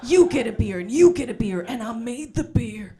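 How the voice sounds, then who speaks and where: A woman's voice: on the high side, expressive, moderate pace, slight background noise, lightly acted. A woman voicing a boisterous middle-aged dad who hosts his own basement bar and hands out beers. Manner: loud, hearty and boastful.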